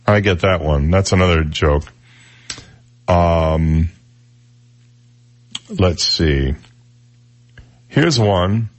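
A man's voice: deep voice, animated, very slow, long pauses. A male radio talk host reading jokes aloud in a dry, sarcastic manner.

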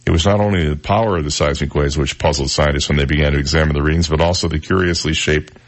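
Deep-voiced radio host, wry and chatty. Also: male voice. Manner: wry asides, reads stories then jokes about them. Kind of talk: casual news-of-the-day monologue.

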